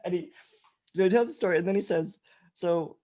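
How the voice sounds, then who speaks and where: A man's voice: sits high, quick pace, dark tone. A man, a life coach, telling a self-mocking anecdote in a chatty style, full of fillers and asides. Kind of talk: casual anecdote storytelling.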